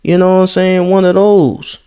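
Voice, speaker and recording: A young man riffs through a casual reaction video in a slightly high voice. He talks loosely in profane slang and keeps circling back to the same phrases. He sounds like he is chatting straight to his viewers. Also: flat delivery, normal speed, dark tone, smooth. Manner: loose, profane street slang, repeats himself.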